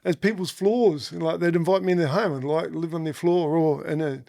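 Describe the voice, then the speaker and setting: Gravelly Australian man telling war stories. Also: on the high side, fairly quick, warm tone, dry recording, studio quality. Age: middle-aged. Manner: laughing often, acting out voices in his anecdotes. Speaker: guest. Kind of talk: casual storytelling interview.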